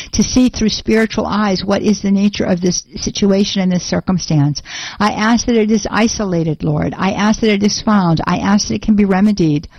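A woman's voice: mid-range voice, darkish tone, dry recording, muffled recording. Earnest woman radio host praying aloud. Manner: earnest, prayerful, with many repeated phrases. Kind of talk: spoken prayer and call-in talk. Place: radio studio.

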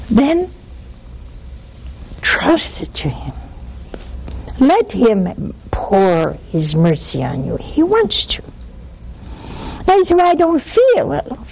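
An older woman hosting a religious call-in show, talking in an animated way and acting out little dialogues. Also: high-pitched, a little hiss or hum, rough recording. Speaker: host.

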